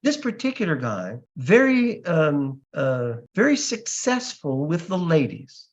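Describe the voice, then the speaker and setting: A man's voice: on the high side, sing-song, a little slow. An older man, a comedy magician and podcast guest, telling stories with animation and acting out other people's voices. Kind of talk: storytelling interview answer. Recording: slightly dull lo-fi sound.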